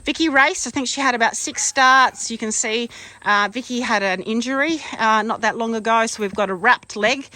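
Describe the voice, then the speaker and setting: A woman's voice: fairly high pitch, normal speed, sharp tone, dry recording. A woman, a horse trainer chatting casually and affectionately in an outdoor paddock, with lots of ums and fond cooing. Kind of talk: casual walk-around vlog.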